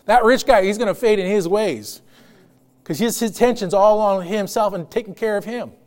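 A man's voice: sits high, moderate pace, a little mellow. A man pastor preaching a sermon in a church service, emphatic, with repeated phrases and call-and-response.

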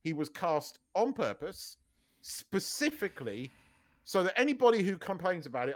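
A man's voice: high voice, very animated, moderate pace. Guy ranting on a podcast, voice swinging up and down, swears a lot, trips over words. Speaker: podcast co-host. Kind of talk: casual opinionated chat.

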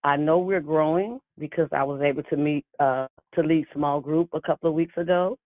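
A woman calling into a prayer line, giving thanks in a shy, halting way. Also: low-pitched. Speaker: caller. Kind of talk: testimony on a prayer call. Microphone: phone. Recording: tinny phone line.

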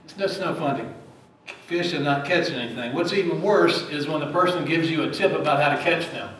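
A man delivers a sermon in a relaxed, conversational way and often turns to the listeners with questions. He is recorded from some distance in a strongly echoing church sanctuary, with a faint hum of noise underneath. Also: a little high, moderate pace. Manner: conversational, asks the congregation questions. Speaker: pastor. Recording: very echoey, distant mic.

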